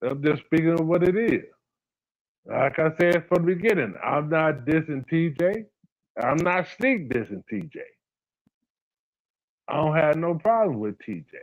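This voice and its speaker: A man's voice: on the high side, expressive, a little slow, pauses often, poor audio. A man hosting a casual livestream, talking bluntly, repeating his points and addressing viewers by name. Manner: blunt, repeats himself, talks to chat by name. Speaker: livestream host.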